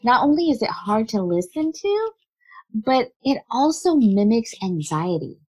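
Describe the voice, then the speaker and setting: A woman in a remote interview, a body language specialist, explaining her points in a lively way and laughing often. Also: a little high, measured pace, rough recording. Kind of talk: conversational interview.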